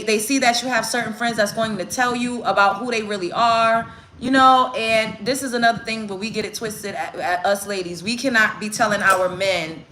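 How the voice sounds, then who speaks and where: Young woman vlogger, bright tone, emphatic and repetitive, casual advice chat. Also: mid-range voice. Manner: emphatic, repeats phrases for stress. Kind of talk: casual get-ready-with-me livestream talk. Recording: echoey room with faint hiss.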